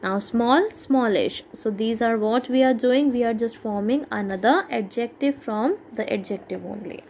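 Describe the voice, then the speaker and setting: A woman's voice: a little high, normal speed, few pauses, a little mellow, slight background noise, low-quality recording. A woman teacher with an Indian English accent giving a grammar lesson to schoolchildren, explaining step by step and asking checking questions.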